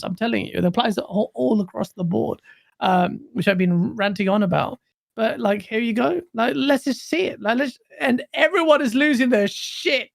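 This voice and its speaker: A gaming stream co-host ranting casually, animated, swearing and laughing often. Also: medium pitch, moderate pace, creaky, no echo, clean studio sound.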